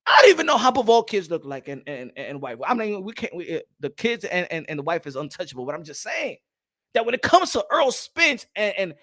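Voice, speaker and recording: Man, boxing channel host, casual rant, sharp bright voice, stammers and restarts. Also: sits high, wildly swooping pitch, fairly quick.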